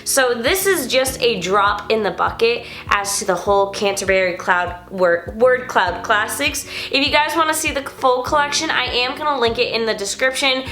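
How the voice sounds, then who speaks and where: A woman's voice: a little high, animated, moderate pace, few pauses, bright, forceful tone. A young woman book vlogger talking casually and with gushing enthusiasm about her haul. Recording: echoey room with music.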